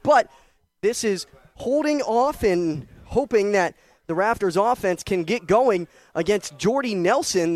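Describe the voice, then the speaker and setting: A man's voice: high-pitched, no room sound. A young man calling a baseball game on the radio, upbeat and chatty, a little out of breath. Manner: upbeat, chatty, apologizes for slips. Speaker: baseball play-by-play announcer. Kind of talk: live radio play-by-play commentary. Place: ballpark press box in rain.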